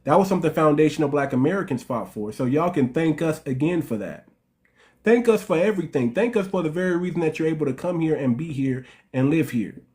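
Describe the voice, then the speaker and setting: A man's voice: a little high, animated, fairly quick, darkish tone. Defiant, taunting man on a panel. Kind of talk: opinionated online panel talk.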